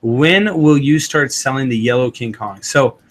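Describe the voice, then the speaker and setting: A man hosts a relaxed livestream chat. He reads viewers' comments aloud and answers each one in an easygoing, conversational way, with a voice of ordinary pitch for a man. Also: a little slow. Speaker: livestream host.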